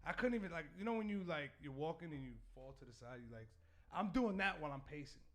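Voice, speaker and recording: A man, a stand-up comedian, telling stories in a casual, animated podcast chat. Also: fairly high pitch, quick pace. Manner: animated, laughing storyteller. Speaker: comedian guest.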